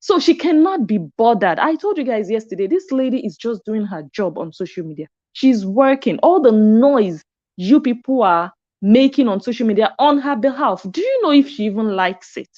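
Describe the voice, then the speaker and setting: A woman's voice: a little high, expressive, normal speed, warm tone, highs cut off. A woman giving casual commentary, chatty and reflective. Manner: chatty and reflective, with frequent "hmm" reactions. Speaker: commentary vlogger.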